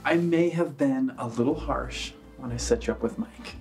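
A man's voice: mid-range voice, normal speed, gravelly, darkish tone, soft background music, natural voice. An actor playing a wry young man who teases his friend in a dry way. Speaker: character in a comedy series.

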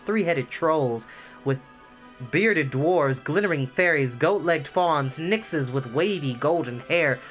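Lively male storybook reader. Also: fairly high pitch, dull audio. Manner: lively, with asides and self-corrections. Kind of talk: storybook reading aloud.

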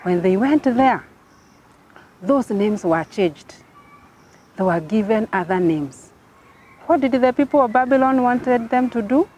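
A woman with a Kenyan English accent, teaching a Bible story to children at Sunday school in a slow, sing-song manner with rising and falling emphasis. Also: a little high, lively intonation, a little mellow, muffled recording, slight background noise.

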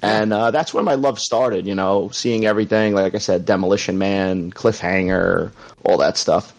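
A man's voice: on the low side, fairly even intonation, creaky. Staten Island man, easygoing podcast guest. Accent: New York, Staten Island. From Staten Island, New York. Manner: easygoing, laughs often, quick friendly asides. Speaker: guest co-host. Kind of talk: casual podcast chat.

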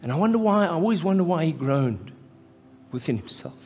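A man with a South African accent preaching a live sermon as pastor, impassioned and rising to loud, emphatic peaks. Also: on the high side, big pitch swings, brisk, slightly rough. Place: church hall, live. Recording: echoey church hall with faint music.

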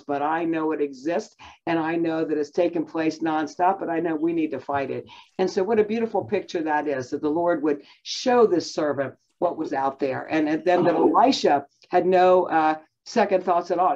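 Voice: medium pitch, a little mellow, highs cut off. A Bible teacher giving a conversational lesson, talking in a chatty way with many fillers and self-restarts.

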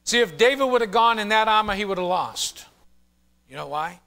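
A man's voice: sits high, expressive, normal speed, creaky, pushed and bright. A male pastor preaching an emphatic, storytelling sermon.

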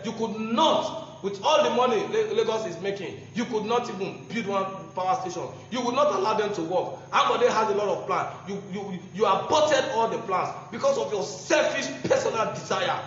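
High-voiced Nigerian man in an echoey hall. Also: fairly bright tone. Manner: combative, mocking and preachy, repeats phrases for emphasis. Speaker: political speaker. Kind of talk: impassioned political address. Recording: echoey room, dull lo-fi sound, faint noise.

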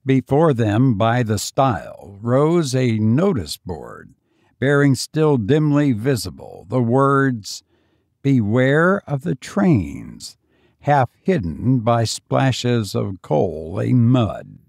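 A male narrator reading a classic story at a slow, deliberate pace. His voice has a gravelly texture and rises and falls expressively, sounding close and dry. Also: medium pitch, sing-song, a little mellow, no room sound. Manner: measured, dramatic storytelling. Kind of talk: audiobook narration.

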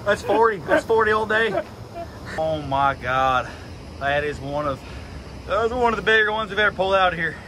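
An excited man exclaiming while fishing with a friend outdoors by a river at night. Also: sits high, moderate pace. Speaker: fishing companion. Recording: noisy outdoor audio.

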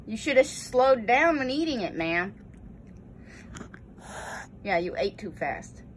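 A woman's voice: fairly high pitch, big pitch swings, takes it slowly, slight background noise. A woman talking to her pet genet in teasing, coaxing baby talk. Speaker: exotic pet owner.

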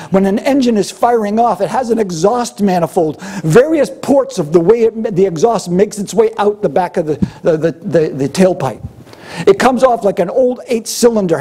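Older male pastor, high husky voice, lively delivery. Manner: animated, acts out grumbling voices with humor. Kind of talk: sermon.

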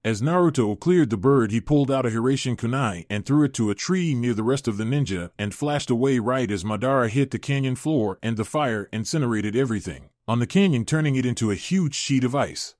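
Steady male fan-fiction narrator. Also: medium pitch, a little fast, hardly any pauses, dry recording, clean studio sound.

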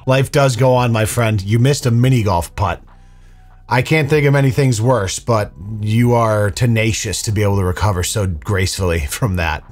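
A man's voice: on the low side, moderate pace, darkish tone. A man hosting a reaction video, riffing on clips with sarcastic, mock-serious rants. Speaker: commentary video host.

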